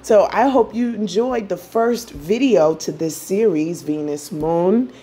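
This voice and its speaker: A woman's voice: medium pitch, a little slow, warm tone, slightly rough. A woman astrologer teaching in a casual, chatty, playful way and explaining step by step.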